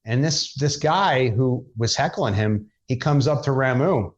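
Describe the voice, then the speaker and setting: A man's voice: medium pitch, unhurried, highs cut off. A man, a stand-up comedian, telling a story in casual chat, hesitant and restarting often. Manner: hesitant, many fillers and restarts.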